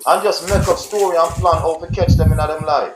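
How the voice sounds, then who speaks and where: A man's voice: on the high side, steady tone, a little fast, echoey room, noisy background. An indignant man questioning why he should go to prison. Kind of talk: heated argument.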